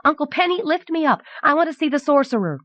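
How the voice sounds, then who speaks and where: A woman voicing a petulant, excitable little prince boy who whines and pouts, heard on a dull, dry old cassette recording. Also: on the low side, moderate pace, no echo. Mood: excited. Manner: whiny and pouting, then breathless with awe.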